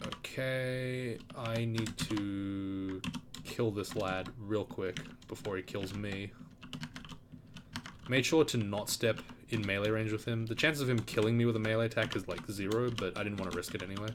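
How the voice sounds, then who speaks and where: A man's voice: lowish voice, steady tone, normal speed, background noise. A man giving casual, rambling gameplay commentary, thinking aloud as he plays. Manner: laid-back, rambling, thinking aloud with fillers. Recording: keyboard typing and clicks in background.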